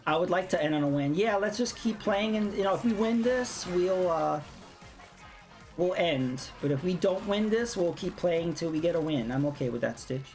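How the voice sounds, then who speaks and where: A woman's voice: lowish voice, animated, normal speed, a little mellow. Blunt ranting woman streamer. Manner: ranting, blunt, swears freely. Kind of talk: casual live-stream chat while gaming. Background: faint game music.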